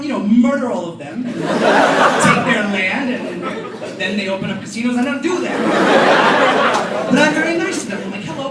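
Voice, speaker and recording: Animated young stand-up comic in echoey hall. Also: male voice, very high-pitched, background noise. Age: teens. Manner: animated, self-mocking storytelling. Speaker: student comedian. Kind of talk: stand-up comedy. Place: school auditorium stage. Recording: echoey hall mic from far off, loud laughter.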